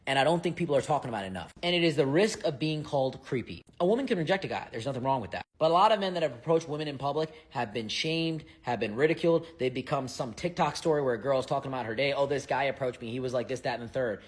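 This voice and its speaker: A man's voice: medium pitch, expressive, fast, few pauses. A man hosting a commentary video, speaking directly to the camera as a dating coach in an emphatic, lecturing way.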